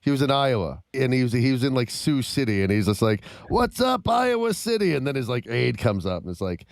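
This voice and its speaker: A man's voice: mid-range voice, fast talker, gravelly, no echo. A man co-hosting a podcast, jokey and chiming in with asides. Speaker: podcast co-host. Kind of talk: casual chat.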